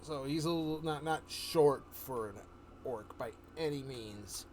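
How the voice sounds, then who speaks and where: A man of ordinary middle pitch tells a story in a relaxed, wandering way, correcting himself as he goes. He drops into quick character voices along the way. A faint hiss sits under his voice. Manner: rambling, loose, self-correcting. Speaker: livestream storyteller. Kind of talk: casual storytelling chat.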